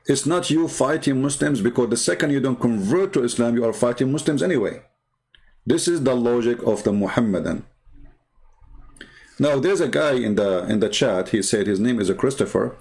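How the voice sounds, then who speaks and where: Male livestream host, blunt and scornful, mid-pitched voice. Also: lively intonation, normal speed, a little mellow. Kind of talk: combative livestream commentary.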